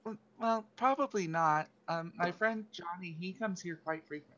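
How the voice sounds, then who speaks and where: A man's voice: sits high, normal speed, bright, forceful tone, dull audio, slight background noise. A man playing a tabletop role-playing game, speaking in character as a newly made ghost. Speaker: player.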